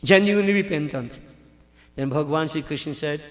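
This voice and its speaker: A man's voice: a little high, normal speed, a little hiss or hum. A man preaching a sermon, telling scripture stories dramatically and acting out the characters. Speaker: pandit preacher. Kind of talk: sermon storytelling. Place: large hall at a religious gathering. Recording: long reverb of a hall.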